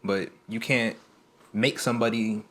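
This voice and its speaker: A man co-hosting a podcast, joking around in casual chat and talking in quick bursts. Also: fairly low pitch, fairly even intonation, crowd noise. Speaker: podcast co-host.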